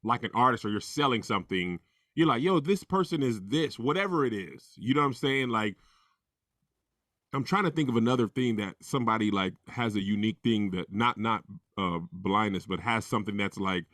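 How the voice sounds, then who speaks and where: A man co-host in a casual podcast debate, animated and fond of acting out little hype lines. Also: on the low side, a little fast, no echo, clean studio sound.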